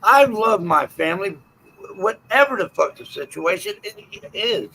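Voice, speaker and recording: Older guy hosting a voice chat panel, bright gruff voice, blunt and cussing. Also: high-pitched, animated, unhurried, a little hiss or hum, poor audio.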